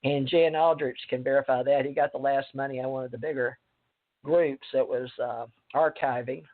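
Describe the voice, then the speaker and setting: A woman hosting a talk radio show, rambling and halting with many fillers. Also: extremely low pitch, steady tone. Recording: tinny phone line.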